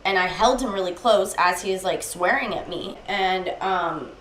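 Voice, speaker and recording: A woman's voice: on the low side, moderate pace. A young woman co-hosting a podcast, telling a personal story in casual chat and acting out what people said. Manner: animated, acts out quoted speech. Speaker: podcast co-host. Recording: echoey room, faint noise.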